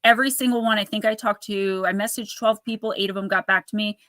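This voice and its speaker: Woman guest on a paranormal chat, bright sharp voice, talks fast and excited. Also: medium pitch, no echo. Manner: animated and emphatic, quick bursts of speech. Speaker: guest psychic. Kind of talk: casual interview conversation.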